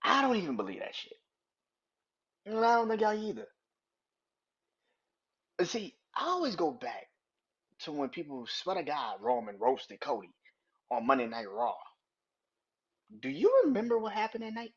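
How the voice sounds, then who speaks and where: Animated swearing man on a wrestling podcast. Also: a little high, normal speed, long pauses, breathy edge. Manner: animated, swears freely, acts out quotes. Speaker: podcast host. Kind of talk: casual wrestling commentary. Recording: dull lo-fi recording.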